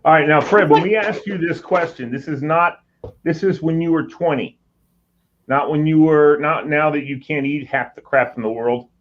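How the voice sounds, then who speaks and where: A man's voice: on the high side, moderate pace. A man hosting a casual group video chat, joking and chatty with playful asides. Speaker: host. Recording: dull lo-fi sound with faint noise.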